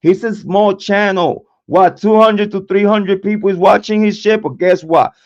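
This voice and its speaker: A man's voice: high-pitched, steady tone, moderate pace. A man hosting a true crime livestream, ranting in a profane, confrontational way with many repeated words and restarts. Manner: repetitive, stammering restarts. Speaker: true crime channel host. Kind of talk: livestream rant. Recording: dull lo-fi sound.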